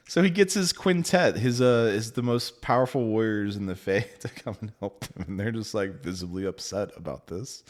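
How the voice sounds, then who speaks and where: A man casually reviewing a book, animated and laughing often, with the odd swear word. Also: on the low side, moderate pace.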